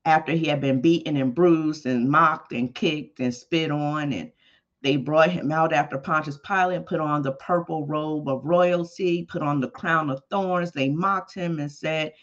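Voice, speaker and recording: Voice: mid-range voice, fairly even intonation, a little slow, a bit bright. Conversational preacher, dull lo-fi sound. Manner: conversational storytelling with emphatic exclamations. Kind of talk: sermon retelling a story. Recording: dull lo-fi podcast audio.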